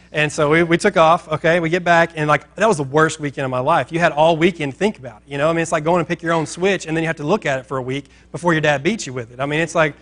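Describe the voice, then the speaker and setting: A male pastor telling a story in a sermon, animated and acting out the people in it. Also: fairly high pitch, rapid-fire, hardly any pauses.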